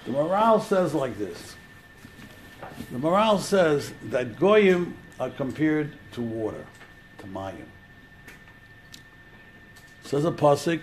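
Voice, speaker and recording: A man's voice: a little high, sing-song, takes it slowly, long pauses, slight background noise. A man giving an informal religious lecture, telling the story animatedly and acting out the quotes. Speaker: Torah teacher.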